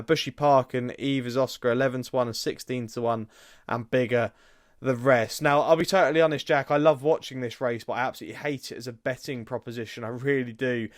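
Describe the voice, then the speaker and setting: Bloke co-hosting a racing tips show, rattles off odds, chatty, dead dry mic. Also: male voice, mid-range voice, dry recording. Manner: lists odds briskly, chatty asides. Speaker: racing tipster co-host. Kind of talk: casual racing preview chat.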